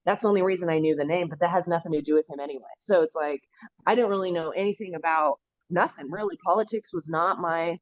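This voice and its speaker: A woman guest telling her story in a casual conversation, animated and full of "like" fillers. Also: fairly low pitch, fast, no room sound. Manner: animated, acts out quoted dialogue, many "like" fillers. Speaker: podcast guest, local activist. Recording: dull lo-fi dry audio.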